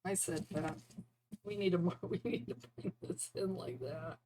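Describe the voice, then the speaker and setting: A woman's voice: lowish voice, fairly even intonation, moderate pace, dark tone, slight background noise, rough recording. A woman chatting casually and rambling, often breaking into laughter. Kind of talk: casual chat about neighborhood cats.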